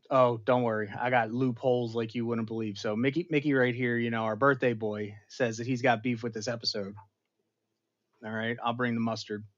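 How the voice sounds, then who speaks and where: A man's voice: medium pitch, highs cut off. A man hosting a casual episode review, retelling the plot with dramatic emphasis and chatty asides. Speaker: pop culture show host.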